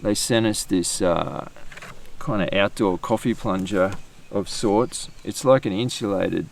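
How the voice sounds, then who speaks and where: Australian male podcast host, gravelly and lowish, loose rambling chat, faint ambient noise outdoors. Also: unhurried. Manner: chatty, rambling, with fillers and restarts.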